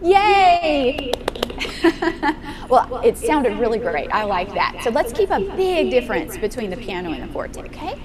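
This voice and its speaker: A woman's voice: medium pitch, very animated, brisk, few pauses, crowd noise. A woman piano teacher coaching a young student in a master class, encouraging and asking guiding questions. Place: room with a piano. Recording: piano music in the room.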